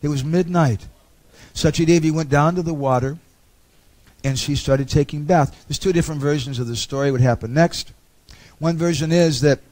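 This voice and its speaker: A man's voice: mid-range voice, a little mellow. A man giving a storytelling lecture on a pilgrimage, with humorous asides.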